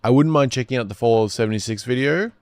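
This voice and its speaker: A man's voice: mid-range voice, fast. A man streaming casually, rambling and correcting himself as he reacts to videos. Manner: rambling, self-correcting, lively.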